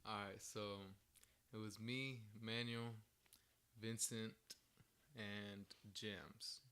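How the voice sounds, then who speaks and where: A man's voice: fairly low pitch, flat delivery, extremely slow, bright, forceful tone. A young man telling a story in a casual podcast chat, rambling with lots of "like" and frequent laughter. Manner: rambling, heavy use of "like", laughs often.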